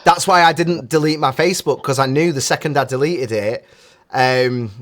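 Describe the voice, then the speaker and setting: A man's voice: mid-range voice, normal speed, a bit bright, a little hiss or hum. A man hosting a live show, chatting casually and rambling with lots of self-interruptions. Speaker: host.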